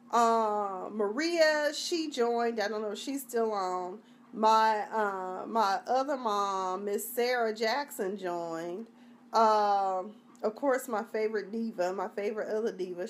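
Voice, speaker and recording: A woman hosting a casual live-stream review, talking in a chatty, rambling, slangy way. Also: a little high. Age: adult (junior high long ago).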